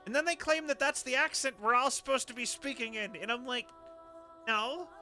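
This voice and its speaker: A man's voice: very high-pitched, fast, bright, forceful tone, faint music behind. A young man streaming a game, talking in a rambling, chatty way and laughing between thoughts. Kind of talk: casual game commentary.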